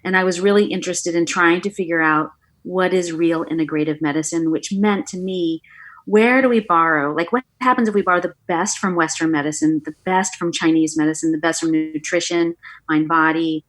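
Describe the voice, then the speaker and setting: A middle-aged woman, a guest on an interview show, telling her story with lively energy and acting out the dialogue. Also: lowish voice, fairly quick. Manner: animated storyteller, acts out quoted dialogue. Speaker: guest, author and former acupuncturist.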